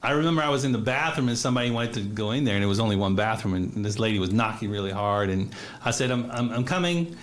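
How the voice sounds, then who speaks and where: A man, an actor and casting director, telling lively anecdotes in a casual interview with frequent laughter. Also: on the low side, racing, few pauses. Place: radio studio or streamed call.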